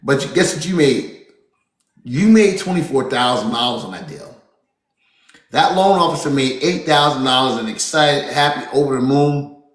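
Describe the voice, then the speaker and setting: A man giving an energetic, repetitive seminar talk as a real estate business coach, often calling his listeners folks. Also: medium pitch, moderate pace, reverberant.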